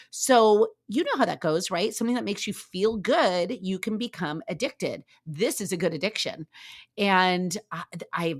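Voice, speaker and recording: A middle-aged woman hosting a podcast, telling her own story in an energetic, motivational way and acting out what people said. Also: medium pitch, normal speed. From Southern California. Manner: energetic, animated, acts out quoted voices. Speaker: podcast host.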